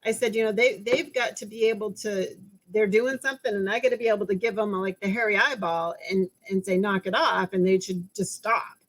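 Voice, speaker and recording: A woman's voice: mid-range voice, fairly even intonation, fairly quick, poor audio. A woman who owns dogs, a podcast guest, rambling as she remembers and tells stories in casual chat. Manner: rambling, reminiscing with restarts. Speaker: guest, dog owner.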